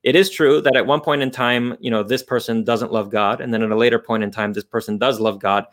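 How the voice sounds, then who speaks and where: A man's voice: medium pitch, steady tone, fairly quick, a bit bright. A man explaining philosophical ideas off the cuff as a guest, thinking aloud with frequent restarts and fillers.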